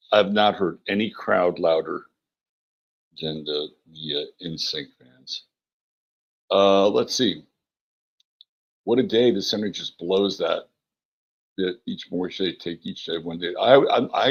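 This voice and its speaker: Gravelly low-voiced man hosting a livestream. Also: lo-fi sound. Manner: relaxed, rambling, with many fillers. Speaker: astrology show host. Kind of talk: casual livestream chat, greeting chat viewers.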